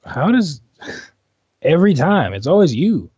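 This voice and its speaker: A man's voice: a little high, big pitch swings, a little slow, dark tone, slightly rough, dry recording. A man chatting casually on a podcast, talking in a laid-back, rambling way. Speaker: podcast guest and club dancer. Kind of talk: casual chat. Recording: dull, dry sound.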